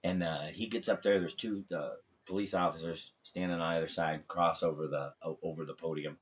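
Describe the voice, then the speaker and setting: A man in his fifties, a comedian guest telling animated stories in casual podcast chat, with lots of fillers and restarts. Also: sits low, a little fast. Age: 50s. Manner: animated anecdotes, acts out quoted voices, frequent fillers and restarts.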